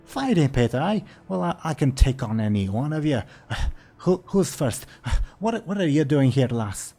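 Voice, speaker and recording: A loud, cocky dwarf prisoner spits out challenges in a raised, pushed-up voice, as a game master puts him on. He blusters and boasts that he can take on anyone. Soft music plays behind. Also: mid-range voice, sing-song, a little slow, voice pushed up. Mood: defiant. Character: gruff defiant male dwarf prisoner.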